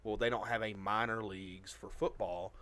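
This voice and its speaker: Low-voiced man explaining sports. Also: steady tone, moderate pace, fairly bright tone, slight background noise. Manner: explains at length, self-mocking. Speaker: podcast co-host. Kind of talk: casual sports chat.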